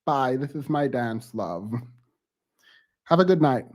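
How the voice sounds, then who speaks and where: A man hosting a live stream, touched and thankful, halting and close to tears as he signs off with casual talk. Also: medium pitch, expressive, darkish tone.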